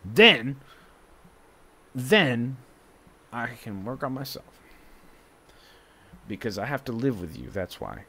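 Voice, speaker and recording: A man's voice: mid-range voice, moderate pace, gravelly, long pauses, slight background noise. A young man in an emotional monologue to his mother, confrontational and rambling, with many fillers.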